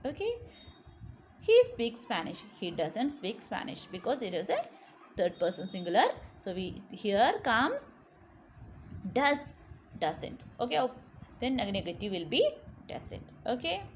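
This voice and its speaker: A woman teaching grammar, pausing often on "okay" and leaning hard on example words. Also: on the high side, huge pitch swings. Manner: frequent "okay" and short pauses between points; stresses example words strongly. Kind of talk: explaining grammar in a recorded lesson. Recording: faint background noise.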